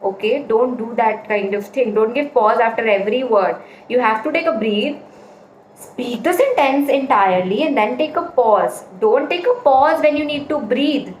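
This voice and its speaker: A woman's voice: fairly high pitch, normal speed. A woman giving a casual spoken lesson on public speaking, stressing her points with repeated examples. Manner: explains with repeated examples, emphatic. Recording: echoey room, faint ambient noise.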